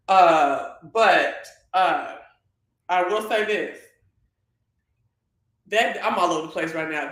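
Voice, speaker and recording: Bright sassy host gossiping on a live stream, big echoey room. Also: medium pitch. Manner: sassy, animated, calls viewers girl and honey. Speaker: livestream host. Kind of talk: casual livestream gossip chat.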